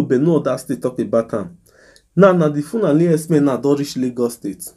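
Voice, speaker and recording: A Nigerian man hosts a casual mock news segment, ranting with exasperation and firing off rhetorical questions. His voice is husky and dark, with a mellow low tone. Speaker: host of a mock news show. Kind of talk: casual news commentary in Pidgin.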